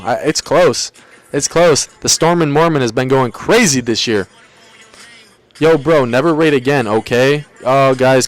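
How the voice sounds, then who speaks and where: A young man with a smooth, clean voice hosts a casual livestream. He talks loosely and bluntly, throwing in slang and answering his chat as he goes. His pitch sits in an ordinary middle range for a man. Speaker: livestream host.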